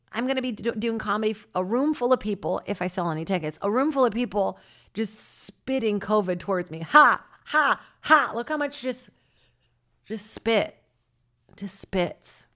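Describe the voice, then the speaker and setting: A woman in her thirties hosting her own podcast, telling rambling self-deprecating stories in a casual comedy monologue. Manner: rambling, self-deprecating, breaks into laughter, lively jumps in pitch. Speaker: podcast host and stand-up comic.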